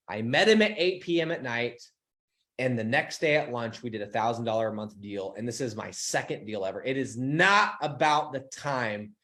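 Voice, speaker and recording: A young man casually telling an excited, profanity-laced story to his viewers, acting out the dialogue as he goes. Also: medium pitch. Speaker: online business coach.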